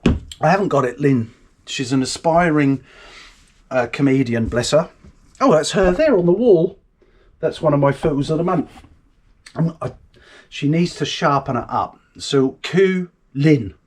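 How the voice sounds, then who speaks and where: A man's voice: on the high side, expressive, measured pace, long pauses, a little mellow, husky. Sweary man ranting live. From United Kingdom. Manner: sweary, rambling, indignant. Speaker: live stream host. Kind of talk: casual ranting commentary.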